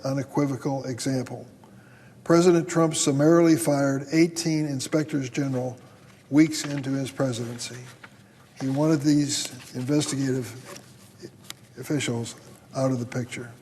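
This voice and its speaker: An older man, a senator, delivers a formal floor speech in a measured, deliberate, stern way with a slightly husky voice. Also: medium pitch, dark tone. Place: large legislative chamber. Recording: long hall reverb.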